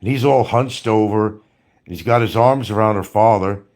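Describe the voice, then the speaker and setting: A man's voice: fairly low pitch, normal speed, a little mellow. A man ranting angrily in commentary, swearing often and firing scolding rhetorical questions. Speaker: commentary streamer.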